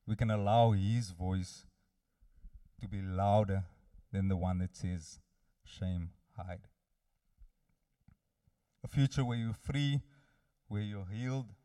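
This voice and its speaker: A man's voice: lowish voice, warm tone, dry recording, studio quality, recorded from a distance. A man preaching a sermon, earnestly addressing his listeners directly.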